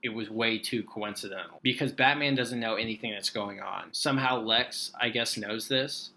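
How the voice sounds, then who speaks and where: A man's voice: lowish voice, moderate pace. Rambling man reviewing a film. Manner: rambling, excitable. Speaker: movie reviewer. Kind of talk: casual film review vlog.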